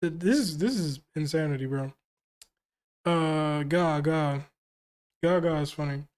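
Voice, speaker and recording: A man's voice: a little high, a little slow, darkish tone. A man streaming a live reaction to a comic, reading panels aloud and reacting in casual slang. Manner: slangy, exclamatory, often ends lines with yo or bro; reads panels aloud between comments.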